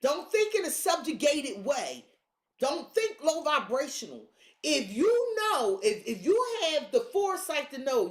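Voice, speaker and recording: A woman's voice: sits high, sing-song, measured pace, roomy sound. A woman giving a casual tarot reading in a hyped-up, blunt and profane manner. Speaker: tarot reader.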